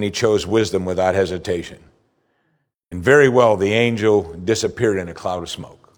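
A man preaching a sermon as pastor, asking the congregation rhetorical questions, his voice rising for emphasis and slowing down on key points. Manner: rises in pitch for emphasis, slows for key points.

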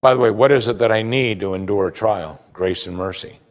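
A man preaching a sermon as pastor, animated, acting out the voices he quotes. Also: lowish voice, fairly quick. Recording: hall reverb.

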